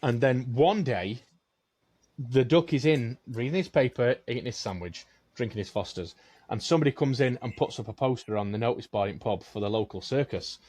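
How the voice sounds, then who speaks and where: Man, co-host, rambling sweary joke-teller, mid-pitched. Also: moderate pace, darkish tone. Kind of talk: casual chat, telling a long joke.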